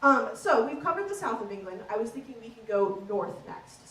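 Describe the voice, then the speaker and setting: A woman performing stand-up comedy on a theater stage, chatty and teasing with quick asides. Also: a little high, big pitch swings, fairly bright tone, distant mic, a little hiss or hum. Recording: roomy stage sound from afar.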